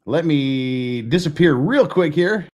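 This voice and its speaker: Animated, self-mocking male host. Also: a little high, takes it slowly. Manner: self-mocking, rambling, joking. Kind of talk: casual livestream chat.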